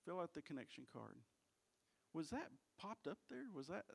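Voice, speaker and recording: A man's voice: a little high, sing-song, normal speed, gravelly, husky. A male pastor preaching a sermon in a church, impassioned and repeating key phrases for emphasis. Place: church sanctuary.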